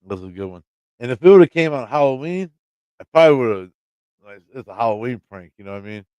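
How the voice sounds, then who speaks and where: A man with a Midwestern American accent talks straight to his live chat, rambling through a story, cursing casually and laughing as he goes. His voice is smooth and clear at a middling pitch, and the recording is dry and close. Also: lively intonation, fast talker, darkish tone, no room sound, lo-fi sound. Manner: rambling, swears freely, laughs often. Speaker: channel host talking to live chat.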